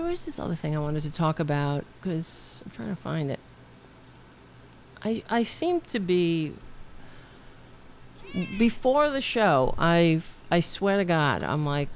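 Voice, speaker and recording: A woman's voice: fairly low pitch, a little hiss or hum. Chatty woman hosting a live stream. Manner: chatty, animated, laughs often, trails off and restarts. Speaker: political show host. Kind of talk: casual live-stream talk.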